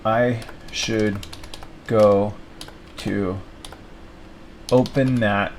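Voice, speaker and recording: A man's voice: on the low side, fairly even intonation, very slow, a little hiss or hum, rough recording. A young man thinking aloud at his desk, rambling and self-mocking as he plans his week. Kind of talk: rambling solo self-talk.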